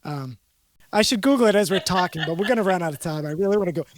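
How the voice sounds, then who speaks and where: A woman's voice: on the low side, animated, fast talker. A woman with a Boston accent chatting casually, a rambling storyteller who loves puns. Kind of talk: casual chat.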